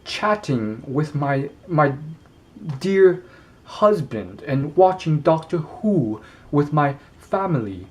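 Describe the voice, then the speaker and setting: A man's voice: fairly high pitch, very animated, takes it slowly, darkish tone. A man putting on a poor British accent to play a prim, tea-drinking British housewife, with a prim, lilting delivery. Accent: attempted British.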